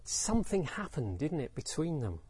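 Casting: male Buddhist teacher, husky, dry close sound, reflective storyteller. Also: fairly high pitch, sing-song, moderate pace, darkish tone, no echo. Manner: reflective, poses rhetorical questions, acts out quotes. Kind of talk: Dharma talk with storytelling.

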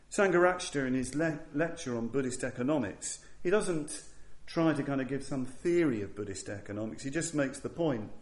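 A man's voice: medium pitch, a little mellow, reverberant. A man giving an earnest, emphatic Buddhist Dharma talk, with frequent restarts. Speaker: Buddhist teacher.

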